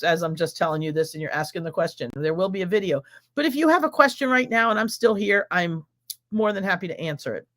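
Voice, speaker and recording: A woman's voice: fairly low pitch, a bit bright. A middle-aged American woman with an American accent hosts a live stream, chatting exuberantly and rambling through questions and stories. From United States.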